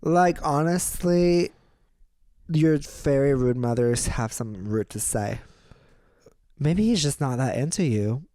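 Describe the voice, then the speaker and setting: A man's voice: medium pitch, animated, slow pace, mellow, no room sound, clean studio sound. A man co-hosting a podcast, giving sassy, playfully petty advice in casual chat. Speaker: podcast co-host.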